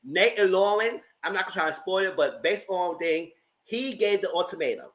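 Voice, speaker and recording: A man's voice: high voice, expressive, a little fast, a bit bright. A man giving casual, slangy, gossipy commentary while reviewing reality TV. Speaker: TV show reviewer.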